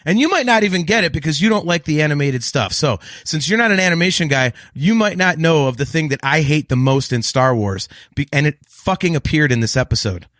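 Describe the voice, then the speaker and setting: A man co-hosting a casual podcast review, ranting loudly and swearing often. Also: on the high side, expressive, a little fast, hardly any pauses, no room sound, clean studio sound. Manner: profane shouting rants. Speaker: podcast co-host.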